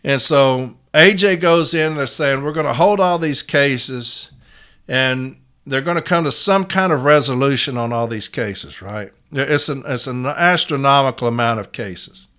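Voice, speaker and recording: A man's voice: medium pitch, a little slow, bright, forceful tone, smooth. A man hosting a podcast, telling a story in a blunt, profane, casual way and acting out the people in it. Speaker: podcast host.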